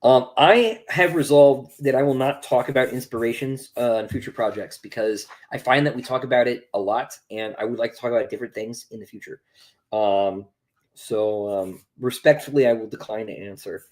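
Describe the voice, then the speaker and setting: A man's voice: mid-range voice, moderate pace, darkish tone. A young man, an author, chatting casually on a livestream, reading out viewer questions and answering with lots of ums and restarts. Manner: rambling, many ums and restarts, reads questions aloud.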